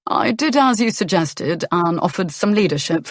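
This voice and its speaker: A woman narrator voicing a charming, rueful young nobleman in a calm, earnest manner. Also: lowish voice, normal speed, dry recording, clean studio sound, lightly acted.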